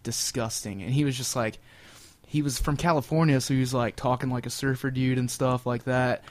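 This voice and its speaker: A man's voice: medium pitch, fairly even intonation, a little fast, no echo. A young man in casual conversation, telling loose, rambling stories with lots of fillers and swearing. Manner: laid-back, rambling storytelling with fillers and swearing. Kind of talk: casual chat.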